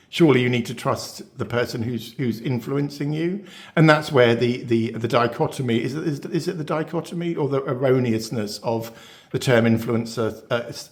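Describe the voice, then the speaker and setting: A man hosting his beauty channel, talking casually to viewers with lots of fillers, restarts and rhetorical questions. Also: mid-range voice. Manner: chatty, rambling, many fillers and restarts. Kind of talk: casual talk to camera.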